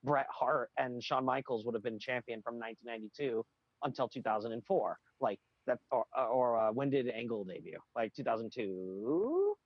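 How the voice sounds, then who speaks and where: A man's voice: mid-range voice, lively intonation, moderate pace, no echo, muffled recording. A man co-hosting a podcast in casual chat, ranting with strong opinions and frequent restarts. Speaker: podcast co-host.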